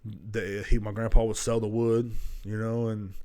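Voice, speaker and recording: A man's voice: fairly low pitch, level tone, moderate pace, warm tone. Rambling, profane podcast host, a man. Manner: rambling, profane, jumps between stories. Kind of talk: casual solo monologue.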